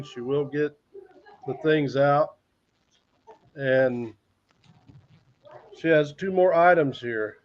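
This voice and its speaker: An American man hosts a casual livestream, talking in an easygoing, rambling way and retelling conversations. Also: fairly high pitch. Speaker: livestream host. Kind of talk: casual live-stream chat. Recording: dull lo-fi livestream audio.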